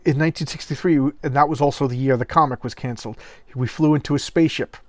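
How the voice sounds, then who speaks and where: A man's voice: medium pitch, fairly even intonation, fast, darkish tone, no room sound, lightly acted. A man voicing an earnest male superhero recalling his forgotten past in a pained, sincere way, read aloud from a comic. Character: earnest male superhero, regaining lost memories.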